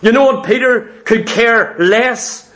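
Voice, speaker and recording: A man's voice: very high-pitched, takes it slowly, a bit bright. A man preaching a sermon, emphatic and fervent, retelling scripture with vivid asides.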